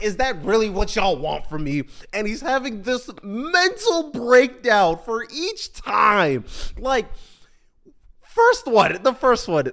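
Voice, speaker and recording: A high-voiced man recapping a show in casual commentary. He talks in an animated, slangy way and repeats phrases as he goes.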